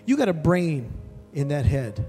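A man preaching a sermon as pastor, telling a story with animated, emphatic delivery and calling out to the congregation. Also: a little high, measured pace. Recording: long hall reverb with soft music behind.

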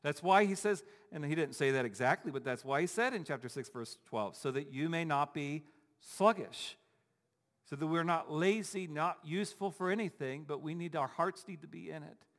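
A pastor preaches with a fairly high voice, pressing his points through repetition and rhetorical questions. The long reverb of a large church sanctuary trails after each phrase. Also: lively intonation, brisk, hardly any pauses, fairly bright tone. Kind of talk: sermon.

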